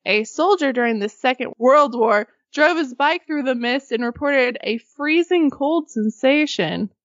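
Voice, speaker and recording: A woman from Arkansas co-hosts a casual podcast, reading ghost stories aloud in a high voice with lively intonation at an unhurried pace. She breaks off for jokey, sweary asides and laughs a lot, in a dry, slightly dull recording with no room sound.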